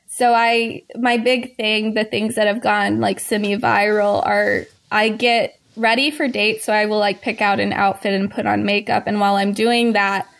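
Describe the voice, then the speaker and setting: A woman's voice: medium pitch, vocal fry. A young woman from North Carolina, chatting as a caller, laughing easily and saying "like" often. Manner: laughs easily, uses "like" a lot. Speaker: caller, TikToker. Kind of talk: casual phone chat.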